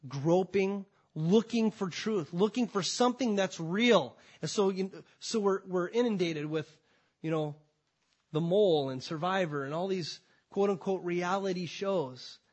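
Husky-voiced preacher with emphatic delivery. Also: male voice, sits high. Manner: emphatic, swings from loud declarations to quiet drawn-out phrases. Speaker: pastor. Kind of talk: sermon. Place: church before a congregation.

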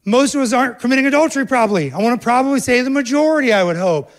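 Animated and racing, with few pauses, a male pastor drives through his sermon, addressing the congregation head-on and swinging from quiet low lines to loud, urgent appeals.

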